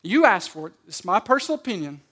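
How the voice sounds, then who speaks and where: High-voiced man preaching emphatically. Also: very animated, quick pace. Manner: emphatic, swings between loud and soft, repeats words when starting phrases. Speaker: pastor. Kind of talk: sermon. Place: church service.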